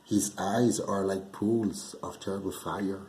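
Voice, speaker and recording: A man doing a low, slow monster father. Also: steady tone. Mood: ominous. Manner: low, quiet, slow and heavy. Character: big gruff father monster, slow and brooding. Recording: echoey room.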